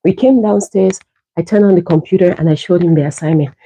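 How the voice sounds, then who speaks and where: A middle-aged woman telling a personal story on a livestream, lively and laughing often as she acts out the dialogue. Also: lowish voice, fast, breathy edge, no echo, rough recording. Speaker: livestream host. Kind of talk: casual storytelling.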